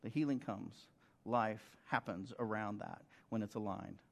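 Middle-aged pastor, conversational sermon. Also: male voice, fairly low pitch, a little slow, gravelly. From United States. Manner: conversational, rhetorical questions to the congregation.

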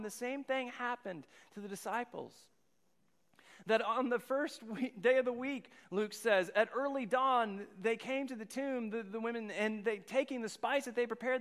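A man's voice: very high voice, a bit bright. A man in his thirties, a pastor giving a sermon with a rambling personal story, often repeating his words. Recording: long hall reverb.

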